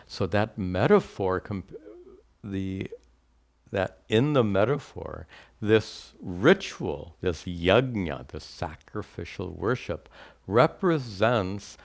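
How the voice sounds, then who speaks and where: Guy teaching a scripture class, lowish voice, real slow, says sanskrit words then explains em. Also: lively intonation, vocal fry. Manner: slow, deliberate, repeats key words for emphasis; chants Sanskrit phrases then explains them.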